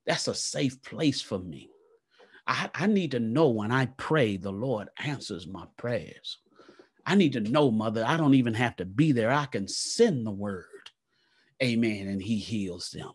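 A man preaching a live church sermon, fervent and repetitive, praying aloud between points and swinging from a low murmur to loud exclaims. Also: expressive, unhurried, husky. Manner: fervent, repeats "come on now" and "glory to God". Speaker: pastor.

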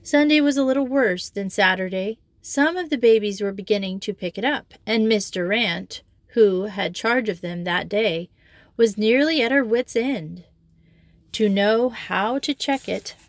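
A woman reading a children's school novel aloud in steady, measured storytelling. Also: mid-range voice, no room sound. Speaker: audiobook reader.

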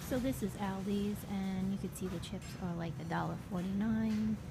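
A woman's voice: mid-range voice, fairly even intonation, moderate pace, creaky, background noise. A middle-aged woman chatting casually as she films her shopping trip, walking and talking through the stores, her car and her home. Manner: chatty, walks and talks while shopping. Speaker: vlogger.

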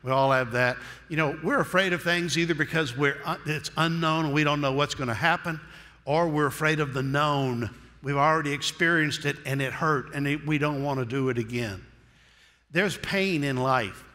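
A man's voice: fairly high pitch, moderate pace, bright, forceful tone, long reverb tail. A man preaching a sermon in a folksy, humorous storytelling manner.

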